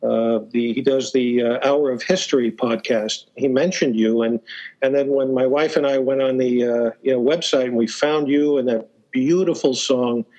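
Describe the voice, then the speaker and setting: A man's voice: medium pitch, steady tone, normal speed, darkish tone, low-quality recording. A man guesting on a podcast, telling stories casually with lots of hesitations, restarts and fillers, and chuckling now and then. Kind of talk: casual storytelling interview.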